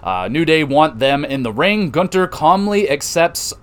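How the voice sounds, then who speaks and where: A man hosting a podcast, recapping wrestling matches in a loose, excitable way, swearing and laughing often. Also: a little high, measured pace. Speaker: podcast host reviewing wrestling. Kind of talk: casual recap.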